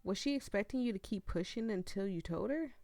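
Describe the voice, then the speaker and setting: A woman hosting a gaming video who reads a story game aloud and reacts live, with an emphatic, slangy manner that gets loudly worked up. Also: medium pitch, expressive, fairly quick, dry recording.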